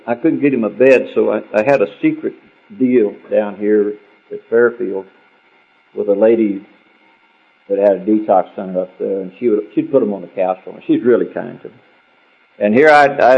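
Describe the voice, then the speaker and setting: A man's voice: fairly low pitch, husky. A man telling a personal story at a recovery meeting in a rambling, conversational, wry way. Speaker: speaker sharing his story at a recovery meeting. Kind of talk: storytelling talk. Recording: dull lo-fi recording.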